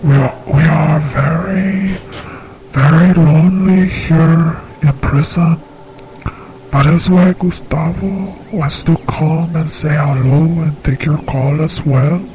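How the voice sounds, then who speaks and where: A man's voice: a little high, steady tone, takes it slowly, dark tone. A man hosting a comedic call-in bit, playful and drawn out. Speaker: host. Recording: music playing behind.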